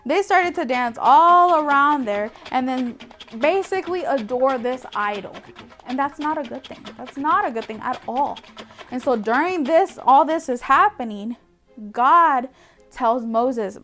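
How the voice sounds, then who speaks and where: A woman retelling a Bible story for children in a lively, chatty way, talking straight to her young audience. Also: high voice, measured pace, soft background music.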